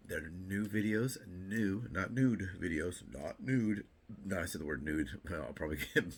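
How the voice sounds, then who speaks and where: Deep-voiced guy with a gravelly edge just rambling thru his morning vlog, lots of um and repeats. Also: pushed and bright. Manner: rambling, chatty, self-interrupting with repeats and fillers; joking asides. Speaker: vlogger. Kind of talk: casual morning vlog chat.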